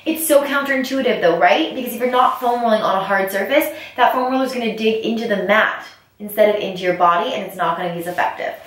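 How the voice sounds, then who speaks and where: A woman fitness instructor talks viewers through an exercise while she does it on the floor. Her coaching is upbeat and direct. Her voice sits at an ordinary middle pitch, recorded from a distance in a very echoey room. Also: quick pace, hardly any pauses. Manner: upbeat coaching, addresses viewers as you guys. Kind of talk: instructional workout video. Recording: very echoey room, mic far off.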